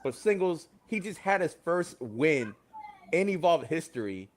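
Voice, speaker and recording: A man's voice: on the high side, sing-song, a little slow. A man hosting a casual wrestling podcast, who laughs often and acts out quotes in big voices. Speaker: podcast host.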